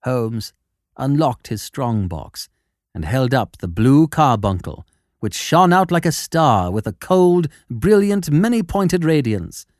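Expressive man narrating a classic tale. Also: medium pitch, slow pace, no echo, studio quality. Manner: expressive storytelling. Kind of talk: scripted narration.

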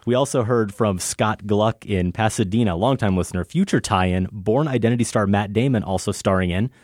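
A man's voice: fairly low pitch, a little fast, darkish tone, dry recording, studio quality. A man hosting a film podcast in a playful, teasing chat with his co-host. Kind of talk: casual chat.

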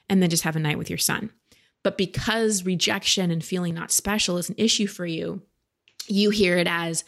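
Gravelly-voiced woman coaching a caller. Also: lowish voice, fairly even intonation, a little fast. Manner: direct, gentle, coaching tone. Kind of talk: advice podcast with a caller.

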